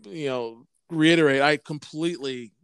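A man's voice: fairly high pitch, moderate pace, clear, resonant tone, no echo. A man chatting casually, telling a rambling story with stops and restarts and plenty of swearing. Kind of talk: casual chat.

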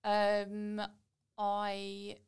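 A woman's voice: mid-range voice, monotone, very slow, darkish tone, clean tone. A woman guest telling her own story in a chatty, candid way. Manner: chatty, quotes people in little voices.

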